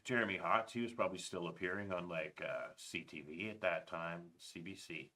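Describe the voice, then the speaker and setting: A man's voice: low voice, moderate pace, pushed and bright. A man hosting a podcast, chatting casually and asking questions with stumbles and repeated words. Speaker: podcast host. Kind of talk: casual interview chat.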